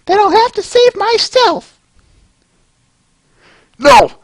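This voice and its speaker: A man doing a strained falsetto pony heroine. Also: very animated, slow pace, dry recording, heavily acted. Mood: melodramatic. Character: young female pony heroine, dramatic. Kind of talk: comic dub voice acting.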